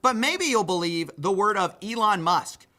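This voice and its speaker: A man's voice: sits high, lively intonation, normal speed, sharp tone. A man hosting a commentary show, reading out reports and quotes with sardonic asides. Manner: sardonic, reads quotes aloud. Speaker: commentary host.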